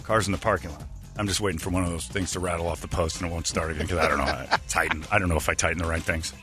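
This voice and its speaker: A man's voice: low-pitched, steady tone, racing, bright, forceful tone, soft background music. A man hosting a casual morning radio show, telling stories that mock himself and acting out other people's lines. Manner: self-mocking storyteller, acts out other people's lines.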